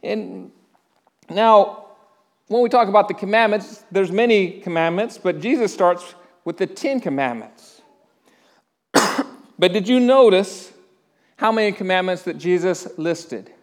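High-voiced man preaching conversationally. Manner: conversational preaching with frequent stammered restarts; asks the congregation questions and pauses for answers. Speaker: pastor. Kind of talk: sermon.

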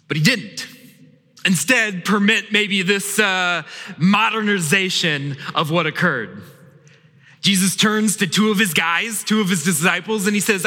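A man preaching a sermon as pastor, telling the story in an animated way and acting out the voices of the people in it. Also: sits high, a little slow, big-room sound. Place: church sanctuary.

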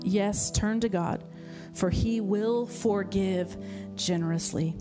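A woman preaching a sermon to a congregation in a church, animated and laughing often. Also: medium pitch, slow pace, music in the background. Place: church hall with live audience.

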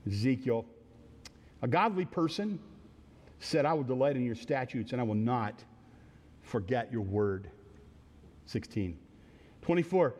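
A man's voice: mid-range voice, a little mellow, big-room sound. A man preaching a sermon verse by verse, earnest, often repeating phrases and restarting his sentences. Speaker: pastor. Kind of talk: sermon teaching through a psalm.

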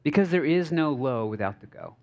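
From a church stage, an American pastor delivers a relaxed, chatty sermon in a slightly high voice at a fairly quick pace, and the recording is muffled. He jokes, uses plenty of fillers and keeps checking in with the crowd.

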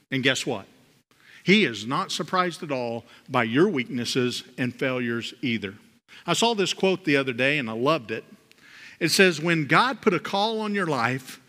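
A man preaching a sermon, swinging from loud, rising emphasis to soft, low drops. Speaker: pastor. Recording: long hall reverb.

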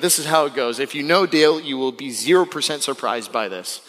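A young man from Florida preaching a sermon as pastor, animated and acting out the people he quotes. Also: fairly quick, hardly any pauses, in a large hall. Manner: animated, acts out quotes with big pitch jumps. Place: church sanctuary.

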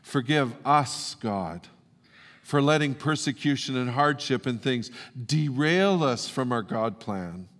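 A man pastor preaching and then leading an earnest, halting prayer to his congregation. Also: medium pitch, animated, a bit bright. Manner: earnest, pleading prayer with repeated halting words. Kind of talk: sermon and closing prayer. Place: church sanctuary. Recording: long reverb of a church hall.

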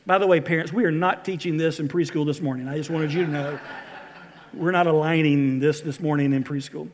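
A man preaching a sermon to a church congregation as their pastor, retelling scripture in an animated storytelling way. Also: fairly high pitch, a little fast, slight background noise. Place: church service before a congregation.

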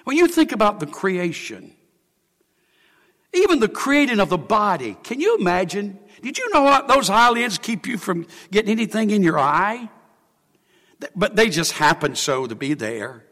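A man preaching a sermon, swinging from hushed, emotional confession to loud exclamation. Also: high-pitched, big pitch swings, normal speed, big-room sound.

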